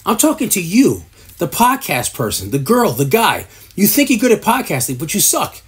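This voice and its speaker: Husky-voiced and wildly swooping in pitch, a man speaks at a normal pace while ranting advice to the camera. He comes across as a podcast producer complaining about pet peeves, profane and exasperated, imitating others to ridicule them.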